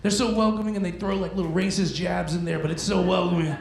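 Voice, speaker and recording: Crude, high-voiced stand-up comic. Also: male voice, fairly even intonation, fast talker, gravelly. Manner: casual, crude, teasing the crowd. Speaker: stand-up comedian. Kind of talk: stand-up comedy set. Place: comedy club stage. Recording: echoey club room with crowd noise.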